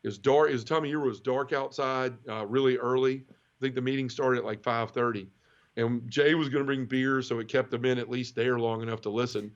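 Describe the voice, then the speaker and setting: A man's voice: mid-range voice, a little fast, muffled recording. A man telling his conversion story as an interview guest, frank and emotional, acting out quoted voices as he goes. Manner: animated, acts out quoted dialogue. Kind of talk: casual storytelling.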